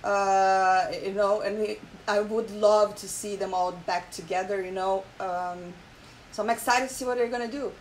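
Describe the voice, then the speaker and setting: A woman hosting her own channel, chatting emotionally in casual commentary with many fillers, pausing to read an article aloud. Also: mid-range voice, steady tone, slight background noise, poor audio. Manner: emotional, frequent fillers and repeated "okay?". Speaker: channel host.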